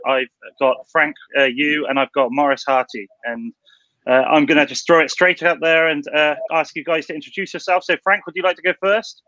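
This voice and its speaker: Guy hosting a panel on a video call, bright and a bit high, dull lo-fi audio. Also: no room sound. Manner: chatty, welcoming. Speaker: panel moderator.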